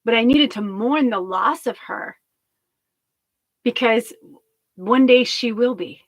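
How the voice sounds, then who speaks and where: A woman's voice: on the high side, slow pace, dry recording, rough recording. A woman talking candidly on a livestream, rambling and emotional, swearing freely. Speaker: spiritual medium streamer.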